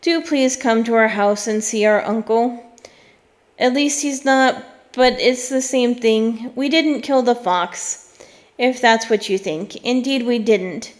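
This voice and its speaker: A woman's voice: a little high, slow. A woman voicing a brave little girl from a storybook, earnest and pleading.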